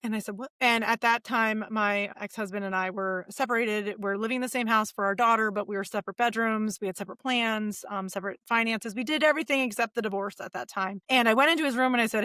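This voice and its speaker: A woman in her forties, a podcast guest, telling her life story in a lively, animated way and acting out the voices of people she quotes. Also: on the high side, quick pace, few pauses, no echo, studio quality. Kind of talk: casual storytelling interview.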